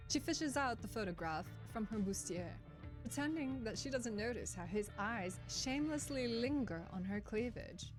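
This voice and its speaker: A woman's voice: fairly high pitch, animated, moderate pace. A woman playing through a visual novel, reading the story aloud with casual joking asides. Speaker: let's player. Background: game music.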